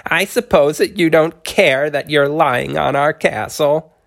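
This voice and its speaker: Tiny hopping-mad sea turtle gent, shrill and indignant, a man voices him in a storybook reading. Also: a little slow, gravelly, a bit bright. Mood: outraged. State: has a cold. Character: tiny furious male sea turtle in evening clothes.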